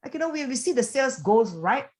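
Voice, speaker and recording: A woman giving a motivational coaching talk over a video call, animated and chatty, full of fillers and quick laughs. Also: sits high. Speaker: business coach and team leader.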